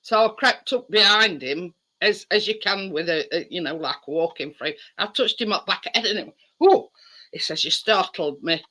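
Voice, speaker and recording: Man, livestream host, very bright tone, chatty storytelling. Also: sits high, moderate pace, hardly any pauses. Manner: chatty storytelling with frequent laughs. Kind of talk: casual chat. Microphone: livestream video call.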